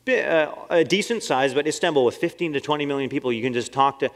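A man giving a lively storytelling talk as a missionary, acting out his own quoted lines and laughing often. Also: a little high, quick pace. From Canada. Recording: long hall reverb.

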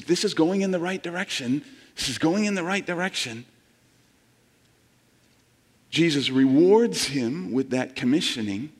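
A man preaching a sermon, telling the story with animated quoted voices. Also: medium pitch, big-room sound. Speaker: pastor.

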